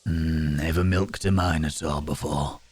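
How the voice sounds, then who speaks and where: A man voicing a flirty, brawny male Minotaur with a Yorkshire accent, in a low, seductive drawl. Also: fairly even intonation, measured pace, darkish tone, breathy edge, exaggerated voice.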